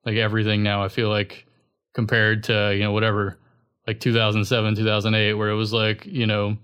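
A man's voice: on the low side, monotone, a little fast, a bit bright, clean tone. A young man chatting casually as a podcast guest, rambling loosely with lots of filler words. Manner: rambling, filler-heavy, laid-back. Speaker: guest musician.

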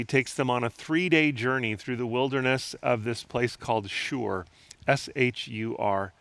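A man's voice: medium pitch, fairly bright tone, dry recording. A man preaching a sermon in an earnest, conversational way, asking his listeners rhetorical questions. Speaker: pastor.

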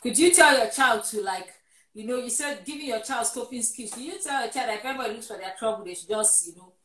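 A woman's voice: on the high side, fast, a bit bright. Woman hosting a live show in an echoey room. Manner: affirming, sums up and wraps up the episode. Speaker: host of a church-run show on relationships.

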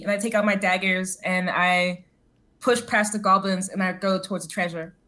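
A woman's voice: medium pitch, steady tone, normal speed, a bit bright. A young woman playing a tabletop game in character, eager and stammering. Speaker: player.

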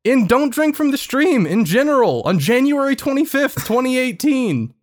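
A man's voice: very high voice, very animated, moderate pace. A male podcast host in casual group banter, teasing, sweary and exasperated.

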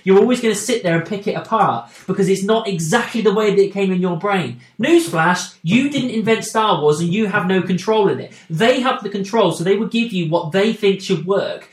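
A man's voice: sits high, a little fast, few pauses. A man, hosting a casual podcast and reviewing a film with emphatic, opinionated talk. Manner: emphatic, opinionated, restarts phrases. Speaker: podcast host. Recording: echoey room.

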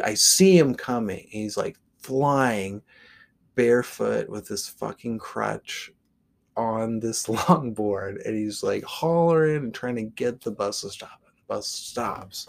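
A man's voice: fairly low pitch, gravelly. Man telling a story casually, swearing. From Portland area. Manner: profane, lots of filler words. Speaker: podcast host.

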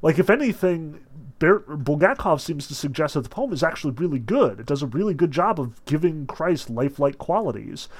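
A man's voice: a little high, sing-song, brisk. Chatty man giving a literature lecture. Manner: chatty, lots of "like" and "notice", reads passages aloud. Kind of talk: casual lecture reading aloud from a novel.

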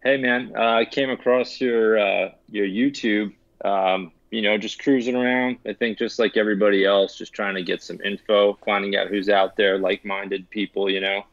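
A friendly man in his thirties calls in over an internet connection and chats easily with plenty of fillers. His voice sits on the low side. The sound is slightly muffled and dry. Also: steady tone, normal speed, hardly any pauses, a bit bright, no echo. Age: 30s. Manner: friendly, easygoing, filler-heavy. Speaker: caller. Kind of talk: casual call-in chat. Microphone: internet call.

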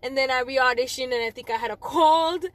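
A young woman from Jamaica with a Jamaican accent, telling a personal story in a rambling, animated way, often correcting herself and laughing at herself. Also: high-pitched, brisk.

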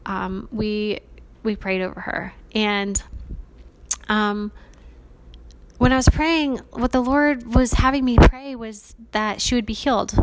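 A woman's voice: on the high side, slow pace, pauses often, a little hiss or hum. A woman hosting a podcast, telling a personal faith testimony in an earnest, chatty way full of casual fillers. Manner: earnest, chatty, many fillers like "like" and "you guys". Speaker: podcast host.

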